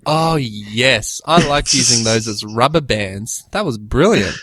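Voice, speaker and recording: A man's voice: mid-range voice, expressive, unhurried, fairly bright tone, no echo. Joking man co-hosting a podcast. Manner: joking, rambling, giggly. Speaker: podcast co-host. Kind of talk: casual chat.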